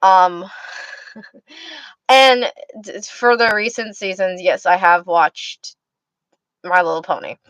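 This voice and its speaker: A woman's voice: on the low side, fairly even intonation, slow pace, pauses often, fairly bright tone, no room sound, highs cut off. A tired young woman hosting a livestream, chatting casually and rambling with many restarts as she answers her chat. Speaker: livestream host reading chat.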